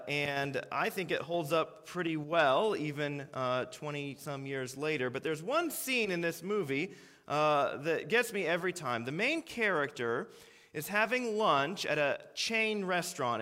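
A man's voice: on the high side, a bit bright, in a large hall. A man in his thirties preaching a sermon in a church, conversational and hesitant, with many fillers. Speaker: pastor. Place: church sanctuary.

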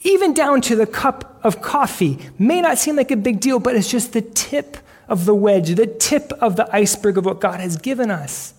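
A pastor preaches in a relaxed, conversational manner and circles back on phrases before landing them. The voice sits at a middling pitch. A long hall reverb trails every sentence, the sound of a large sanctuary. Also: normal speed, few pauses. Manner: earnest, conversational preaching with frequent restarts. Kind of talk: sermon.

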